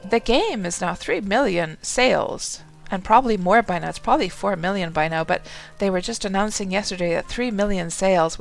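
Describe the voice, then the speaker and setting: Gravelly-voiced woman chatting while streaming a game. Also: mid-range voice. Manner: rambling and chatty, often talking to herself and greeting chat viewers. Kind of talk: casual live-stream commentary.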